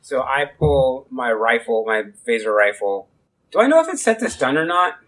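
A man's voice: medium pitch, very animated, fairly bright tone, rough recording. A man playing a tabletop role-playing game, talking casually and often restarting his sentences. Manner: halting, restarts while explaining. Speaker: player.

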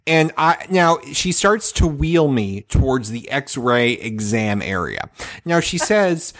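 A man's voice: a little high, very animated, moderate pace, a bit bright. A young man telling a comic story with sarcasm, acting out other people's lines. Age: young adult.

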